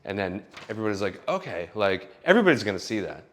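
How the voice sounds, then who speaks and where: Animated swearing man giving blunt advice. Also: fairly low pitch, fast, a little hiss or hum. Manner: animated, swearing, many restarts. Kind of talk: casual advice monologue. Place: Los Angeles home.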